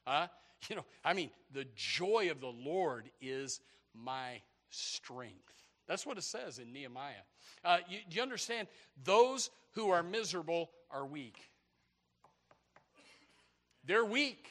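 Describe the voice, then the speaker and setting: A man preaching a sermon, animated and repetitive, with rising shouts. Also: a little high, takes it slowly. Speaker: pastor.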